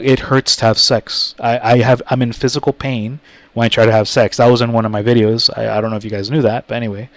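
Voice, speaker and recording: Slow, blunt, profane man. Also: medium pitch, fairly even intonation, no room sound. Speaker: vlogger. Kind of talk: casual story time to camera.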